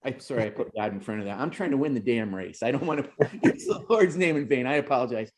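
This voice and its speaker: A man's voice: expressive, fast talker, darkish tone. A man hosting a racing podcast, talking in a rambling, emotional way and getting worked up as he goes. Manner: emotional, rambling, pitch rising when worked up. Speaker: podcast host and race announcer. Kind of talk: casual podcast interview.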